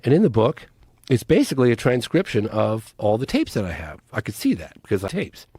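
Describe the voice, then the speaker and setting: A man's voice: fairly low pitch, wildly swooping pitch, fairly quick, a little mellow, slightly rough, no room sound. Earnest man with a dry close sound. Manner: earnest, urgent, pleading appeals. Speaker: podcast guest, documentary filmmaker. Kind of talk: casual interview talk.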